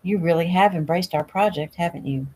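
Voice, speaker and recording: A woman's voice: fairly low pitch, fairly quick, a little mellow, a little hiss or hum, lightly acted. A woman reading the lines of a confident, slightly haughty young businesswoman, in a casual audiobook reading at home. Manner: plain read dialogue. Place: home room.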